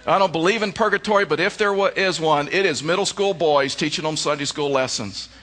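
A man's voice: on the high side, fairly quick, fairly bright tone. A middle-aged male pastor preaching a sermon, telling stories with emphatic repeated phrases. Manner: storytelling with emphatic repetition.

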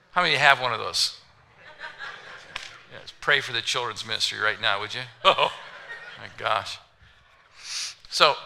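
A man preaching a sermon, animated, acting out little voices and scenes for the congregation. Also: mid-range voice. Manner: animated, acts out voices of passengers and kids. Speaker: pastor.

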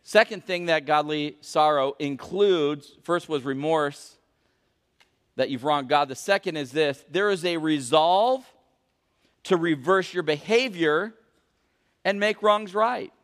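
A man preaching a sermon as pastor, questioning the congregation and swinging between loud emphasis and hushed intensity. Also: a little high, slow pace, smooth. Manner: questions the congregation and calls for answers. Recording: long reverb of a large hall.

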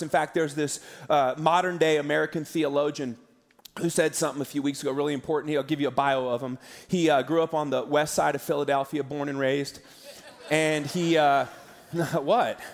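A man preaching a sermon as pastor, talking in a conversational, emotional way with jokey asides. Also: a little high. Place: large arena church. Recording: long hall reverb.

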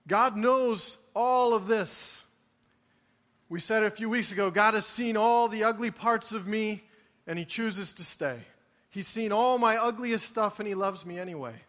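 In an unhurried sermon, a high-voiced male pastor sounds earnest and pleading. He moves from quiet reflection up to emphatic appeals, and his words echo with the long reverb of a large sanctuary.

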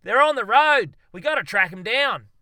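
A gruff, temperamental man who swears freely, his voice forceful and crisp, as a male narrator puts him on. When he loses his temper he shouts in a high, strained voice. The recording is dry and close. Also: a little fast, no echo, lightly acted. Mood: furious.

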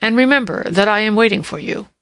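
A woman's voice: medium pitch, fast talker, no echo, close to an everyday voice. A woman voicing an elderly male king who is jovial, teasing and sure of himself, in an audiobook reading. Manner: lively, mocking, fond of puns and learned quips.

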